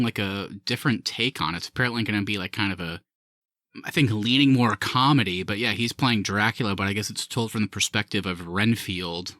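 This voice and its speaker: A low-voiced man hosting a casual film podcast, his pitch swinging widely as he talks. His tone is bright and forward, and the sound is close and dry with no room around it. He laughs often and keeps the discussion moving. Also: no room sound. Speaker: podcast host. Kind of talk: casual movie review chat.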